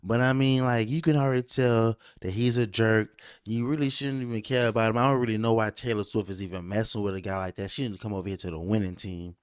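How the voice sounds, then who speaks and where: A man's voice: lowish voice, fairly even intonation, fast, hardly any pauses, clean tone, no room sound, studio quality. A man hosting a casual podcast, joking and boasting in slangy talk. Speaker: host.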